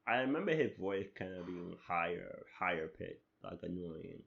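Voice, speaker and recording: A man's voice: sits low, animated, normal speed, vocal fry, dull audio. A man hosting a solo podcast, rambling and amused at himself in casual chat. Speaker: podcast host.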